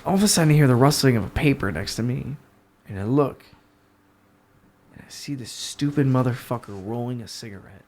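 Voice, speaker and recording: A young man from the New York area with a medium-pitched voice talks briskly as a podcast guest. He tells a story casually and animatedly, swearing and acting out the voices of the people involved.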